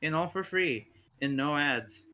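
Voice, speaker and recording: A young man co-hosting a casual podcast, easygoing and laughing often while pitching things he likes. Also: animated, measured pace, sharp tone. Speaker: podcast co-host. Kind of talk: casual chat.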